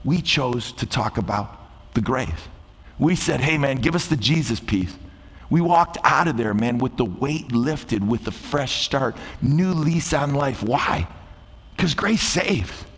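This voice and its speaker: A middle-aged man preaching a sermon as a guest preacher. He climbs loud and high on his key points, then drops soft and slow on his refrains. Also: lively intonation, breathy edge. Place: church sanctuary. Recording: long hall reverb.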